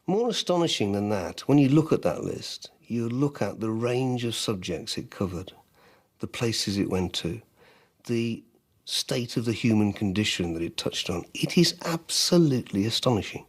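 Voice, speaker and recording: A man's voice: fairly low pitch, lively intonation, normal speed, husky. A man contributing to a documentary, speaking emphatically. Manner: emphatic, admiring.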